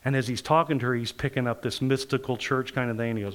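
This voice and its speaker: A medium-pitched male preacher races through his sermon with barely a pause. He tells animated stories, impersonates the people he quotes, and laughs as he talks.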